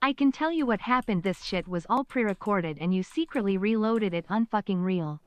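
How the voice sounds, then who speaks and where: A woman's voice: medium pitch, a little fast, clean tone, dry recording. A woman teasing and mocking the streamer with swearing, in casual banter on a live stream.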